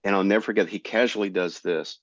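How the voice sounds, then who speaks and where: Middle-aged male comedian, low voice, dry and slightly dull recording, animated storyteller. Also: quick pace, dry recording. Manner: animated, jumps into high voices to act out quotes. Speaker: comedian guest. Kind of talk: storytelling in a casual interview.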